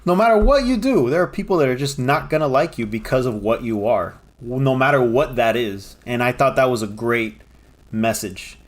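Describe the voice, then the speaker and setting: A man's voice: medium pitch, normal speed. A man co-hosting a casual film review podcast, talking animatedly and often jumping into quoted voices, correcting himself as he goes. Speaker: podcast co-host.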